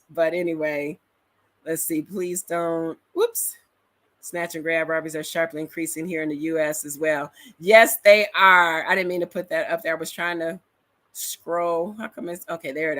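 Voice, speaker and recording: A bright, forward voice from a middle-aged Detroit woman with an African American accent. She vlogs in a loose, emphatic, storytelling way, slangy and full of personality. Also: low voice, fairly even intonation, normal speed. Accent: African American Vernacular English, Detroit. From metropolitan Detroit, USA. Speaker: vlogger. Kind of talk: casual reaction chat to camera.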